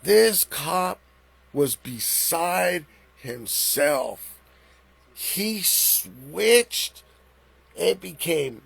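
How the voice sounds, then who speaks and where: Middle-aged guy on a livestream telling a story, super gravelly and husky, kinda high voice, keeps restarting. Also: extremely slow, long pauses, no room sound. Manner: animated retelling, rambling restarts. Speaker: live-stream host. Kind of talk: casual storytelling.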